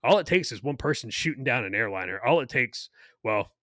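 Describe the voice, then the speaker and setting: A man's voice: medium pitch, lively intonation, a little fast, a bit bright, no room sound, studio quality. A man, an army veteran, co-hosting a casual podcast and rambling through his points with many fillers and restarts. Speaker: podcast co-host.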